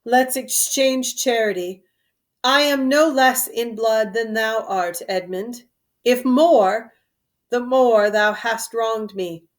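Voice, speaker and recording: A woman reading the part of a defeated, dying schemer, in a measured and resigned verse reading. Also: a little high.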